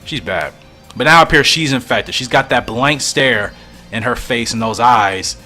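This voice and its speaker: A man's voice: mid-range voice, lively intonation, moderate pace, pushed and bright, faint music behind. Musing man thinking aloud over a comic. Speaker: comic reader and commentator. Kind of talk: casual comic read-through commentary.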